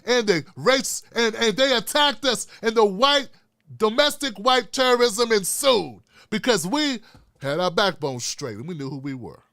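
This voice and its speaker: A male host tearing through a heated, profanity-laced political rant. His voice sits very high with a bright, forceful edge. The sound is dry and close, with no room to speak of. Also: lively intonation, unhurried, no room sound. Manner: profane, heated, swears constantly.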